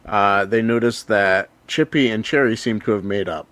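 A man's voice: lowish voice, normal speed, a bit bright. A man hosting a casual podcast chat, recapping a story with lots of "uh" and "you know" fillers. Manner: recaps the plot with many fillers. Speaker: podcast host.

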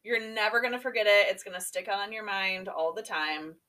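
Woman, book podcast co-host, bright voice, agreeable, steady, casual. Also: medium pitch, brisk.

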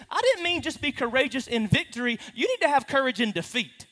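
Pastor, male, animated sermon delivery with playful asides; bright tone, long hall reverb. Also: very high voice, a little fast. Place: large hall with a congregation.

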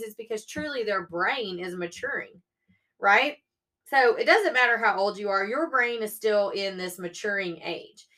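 Upbeat woman with bright voice. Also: fairly high pitch. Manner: upbeat, coaxing, checks in with listeners. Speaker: podcast host. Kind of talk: faith-based motivational podcast talk.

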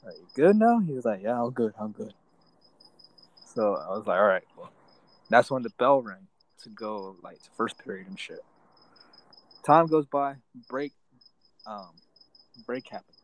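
A man's voice: lowish voice, measured pace, pauses often, rough recording. A young man casually telling a school story among friends, full of slang and swearing. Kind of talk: casual chat.

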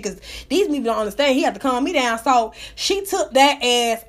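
A woman with a high voice holds forth on a live stream, ranting and cursing as she tells her story. She sounds hyped up and animated, swearing freely throughout. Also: quick pace, few pauses. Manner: profane, animated, hype.

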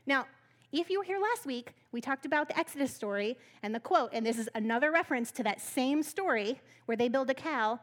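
A woman's voice: high-pitched, lively intonation, brisk. A woman preacher giving a sermon, telling a Bible story in a humorous, conversational way.

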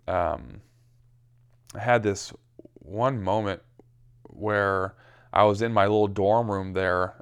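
A man speaking from the pulpit, telling his own story with candid, reflective pauses and frequent fillers. His voice sits a little low and sounds smooth and clear, and he takes his time. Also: fairly bright tone. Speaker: preacher. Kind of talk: personal testimony sermon.

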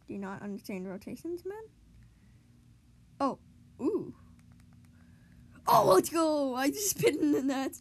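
A woman giving excitable live commentary on her own gameplay, cheering goals and groaning at misplays. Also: sits high. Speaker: gamer streamer.

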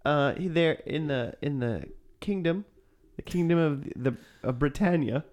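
A man's voice: fairly high pitch, unhurried, a little mellow. A man hosting a podcast, chatting casually and joking with his co-hosts. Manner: joking, playful. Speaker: podcast host. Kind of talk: casual chat.

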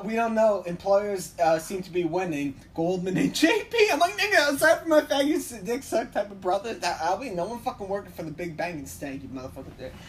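A foul-mouthed vlogger rambles through a rant, acting out quoted exchanges and jumping from loud outbursts to low mutters. The voice sits at a middling pitch and is heard from some distance away from the mic. A faint background noise stays under it the whole time. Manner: swears freely and acts out quoted exchanges.

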